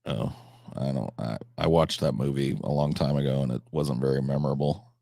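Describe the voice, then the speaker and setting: Low-voiced, profane American man. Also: fairly even intonation, brisk, vocal fry, dark tone, dry recording, clean studio sound. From United States. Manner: profane, rambling, blunt. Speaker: live-stream host. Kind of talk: casual live-stream chat.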